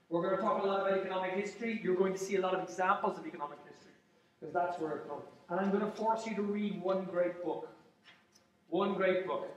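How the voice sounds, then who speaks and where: A university lecturer with a high voice addresses his class, playful and emphatic, repeating key phrases for effect. He is recorded from across a lecture hall, so his voice sounds distant. Heavy room echo trails every sentence. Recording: echoey lecture hall from far off.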